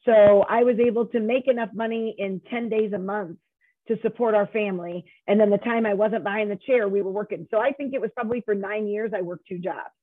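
A middle-aged woman who founded a nonprofit speaks as a guest in an interview, recounting her story with emphasis and frequent restarts. Her mid-range voice is brisk and fairly even, heard without echo on a tinny, dry phone line.

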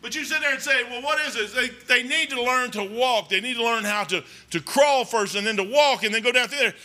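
A man's voice: very high-pitched, a little fast, bright, forceful tone. A man preaching a folksy, rambling sermon in a church, talking emphatically and conversationally.

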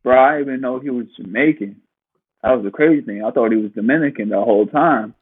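A man in his twenties in a casual chat, telling stories in a relaxed way and laughing along. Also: mid-range voice, fast talker, breathy edge, no room sound. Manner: relaxed storytelling with laughter and voiced quotes. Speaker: podcast co-host. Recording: thin phone-like line.

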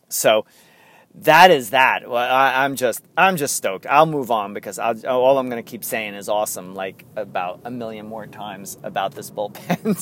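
A man hosting his own sports podcast solo, talking casually and eagerly, rambling with frequent chuckles. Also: mid-range voice. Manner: enthusiastic, rambling, chuckles often. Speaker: podcast host.

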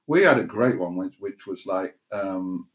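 A middle-aged woman co-hosting a casual chat podcast, playful and quick to laugh. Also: very deep voice, rough recording. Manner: giggly, playful, lively. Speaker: podcast co-host.

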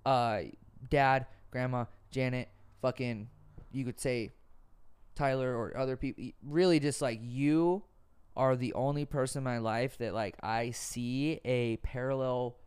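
A man's voice: medium pitch, fairly even intonation, measured pace, darkish tone, smooth. A young man hosting a casual podcast, telling earnest stories peppered with swearing. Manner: earnest, profane storytelling. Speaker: podcast host.

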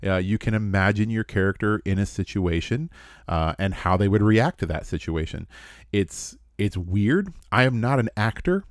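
Deep-voiced man, earnest podcast chat. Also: lively intonation, moderate pace, dry recording, studio quality. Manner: earnest and reflective, with restarts. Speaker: podcast co-host and player. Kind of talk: casual chat.

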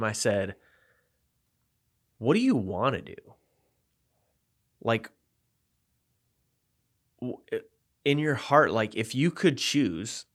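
A man's voice: medium pitch, fairly bright tone. A man co-hosting a casual podcast chat, reflective and thinking aloud as he talks. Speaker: podcast co-host.

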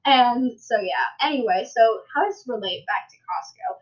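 A woman's voice: on the high side, expressive, moderate pace, slightly rough. Young woman rambling on a podcast, lots of ums and likes, muffled lo-fi mic. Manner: rambling storyteller, many fillers and restarts. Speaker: podcast host. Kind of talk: casual chat. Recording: dull lo-fi sound.

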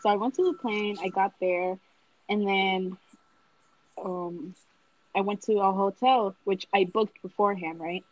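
A woman's voice: medium pitch, measured pace, highs cut off. A nineteen-year-old woman, a college student, telling a story in casual chat with friends and acting out the people in it. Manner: animated, acts out the other voices in her story.

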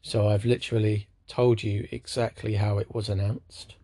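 A man's voice: lowish voice, little pitch movement, normal speed, mellow, breathy edge, no echo. A man giving a casual spoken recap of a wrestling show, with dry, sarcastic asides.

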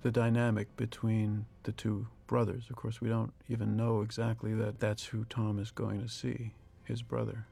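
Gravelly guy doing director commentary, pretty monotone, stops and restarts as he thinks. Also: lowish voice. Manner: reflective, thinking aloud with pauses and restarts. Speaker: film director. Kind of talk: audio commentary.

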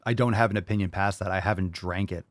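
A man's voice: deep voice, fairly even intonation, quick pace, dry recording, clean studio sound. Hyped, profane man hosting a Q&A. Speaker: host. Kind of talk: live Q&A show.

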